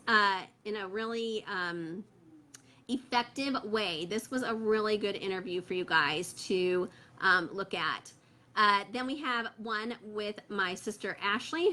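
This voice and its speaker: A woman's voice: on the high side, bright, forceful tone. A woman hosting a parents' livestream, chatting casually with many fillers and reading viewer comments aloud, with a phone held close. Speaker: host of a parent membership group.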